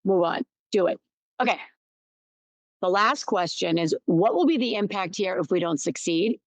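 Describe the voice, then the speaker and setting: A woman's voice: lowish voice, expressive, moderate pace, dry recording. Candid woman hosting a podcast, dry sound. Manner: candid, storytelling, restarts and emphatic repetition. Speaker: podcast host. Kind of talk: reflective solo podcast talk.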